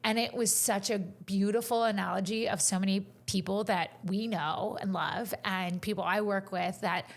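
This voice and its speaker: A woman sharing a personal story on a faith-based talk show. She speaks earnestly in a middle-pitched voice and drops into soft, breathy near-whispers when the moment turns tender. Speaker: podcast co-host and coach. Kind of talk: faith-based casual conversation.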